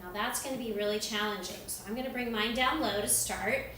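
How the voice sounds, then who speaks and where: A woman guiding children through a yoga lesson, gentle and encouraging with a sing-song lilt. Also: a little high, fairly quick, a little hiss or hum. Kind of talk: guided kids' yoga lesson. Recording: echoey room, recorded from a distance.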